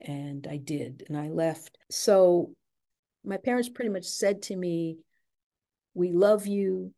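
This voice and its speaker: A woman's voice: lowish voice, animated, a little slow, warm tone. An older woman candidly recounting her family's past in an interview, reflective and speaking in her own words. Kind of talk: personal storytelling interview.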